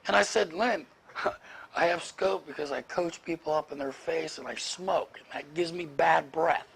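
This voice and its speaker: A man's voice: fairly high pitch, measured pace, creaky, fairly bright tone, breathy edge. A man leading a workplace leadership training session, talking bluntly and firing rhetorical questions at the group.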